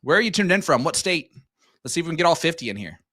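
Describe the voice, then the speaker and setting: Friendly male darts commentator, bright tone. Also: on the high side, sing-song, rapid-fire, no echo. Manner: friendly, reads out viewer shout-outs between play calls. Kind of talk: live sports commentary.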